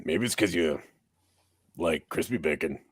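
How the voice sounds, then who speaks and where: A man with a very low, husky voice chats easily with his co-hosts. He quizzes them and tallies a poll. The sound is dry and close. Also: unhurried, dry recording. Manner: chatty, runs a poll and asks questions. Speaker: podcast host. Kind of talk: casual chat.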